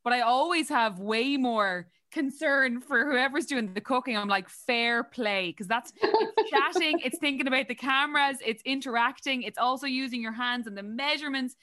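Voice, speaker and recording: A woman's voice: high-pitched, moderate pace, pushed and bright. An Irish woman hosting a podcast, chatting casually and encouraging her guest. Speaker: podcast host. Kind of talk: casual interview chat.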